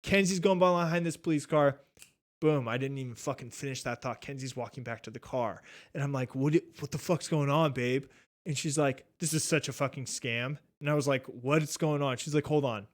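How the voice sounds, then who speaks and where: A young man casually telling a travel story, animated and swearing often, acting out what people said. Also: mid-range voice, a little fast. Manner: animated, swears a lot, acts out quotes. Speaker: podcast guest.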